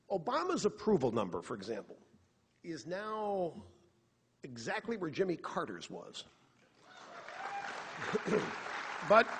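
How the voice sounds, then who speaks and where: A man giving a live political monologue on a theater stage, animated, sarcastic and rhetorical. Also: high-pitched, slightly rough. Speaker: radio talk show host on stage. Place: theater stage before an audience. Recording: long reverb of a theater hall.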